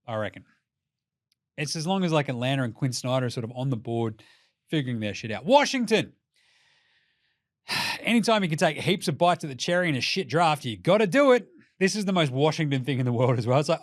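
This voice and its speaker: A man's voice: medium pitch, fairly quick, no room sound, studio quality. Profane, joking Australian man. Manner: profane, jokey, animated, mocks teams in put-on voices. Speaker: basketball podcast host. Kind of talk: casual solo commentary.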